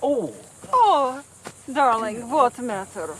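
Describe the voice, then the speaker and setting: A woman voicing a theatrical woman hustler with a put-on fake Russian accent, drawn-out and vampish. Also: on the high side, big pitch swings, a loud crowd, pitched above the performer's own voice.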